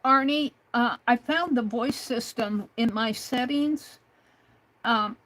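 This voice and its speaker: A woman's voice: a little high, slow pace, fairly bright tone, rough recording. A woman hosting a craft livestream, chatting casually and hesitantly with an AI assistant, with many fillers. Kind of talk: casual livestream talk to a chatbot.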